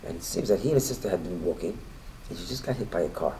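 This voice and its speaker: Teaching a casual Torah lesson woven with stories, a man with a low, gravelly voice talks fast and animatedly in quick bursts. He frequently stumbles, repeats, and restarts, and gets suddenly loud when acting out a quote; the audio is poor, with faint noise underneath.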